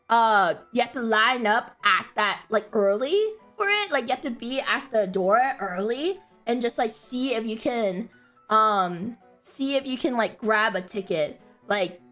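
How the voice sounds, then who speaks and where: Giggly high-voiced woman streamer. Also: sharp tone. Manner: giggly, bursts into laughter, many fillers. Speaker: live streamer. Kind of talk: casual stream storytelling.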